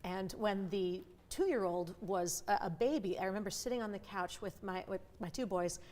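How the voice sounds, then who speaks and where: Middle-aged woman, voice coach, animated and expressive, easy conversational interview tone. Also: mid-range voice. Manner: animated, with quick vivid asides and playful voices. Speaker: voice and communication coach.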